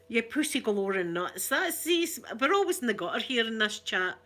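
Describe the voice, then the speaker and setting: A Scottish woman hosting a relaxed live stream, chatting and giggling as she answers viewer comments. Her voice is bright and forward. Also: a little high. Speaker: ASMR channel host. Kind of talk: casual live-stream chat.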